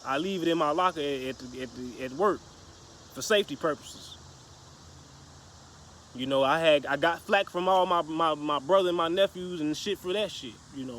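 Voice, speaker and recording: A man's voice: fairly high pitch, normal speed, a bit bright, a little hiss or hum. A man casually telling a story to the camera, profane and slangy, rambling with restarts. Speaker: vlogger.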